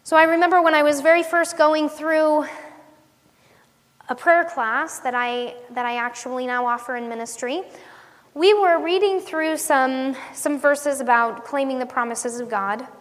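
A woman's voice: high-pitched, a bit bright. A woman giving an earnest devotional sermon in a conversational way, asking her listeners questions as she teaches. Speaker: ministry teacher. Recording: long hall reverb.

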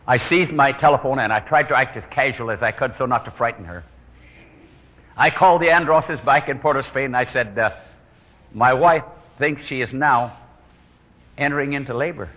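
Man preaching, earnest storyteller, bright voice, hushed prayerful asides, echoing hall. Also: medium pitch. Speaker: evangelist. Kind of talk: sermon storytelling.

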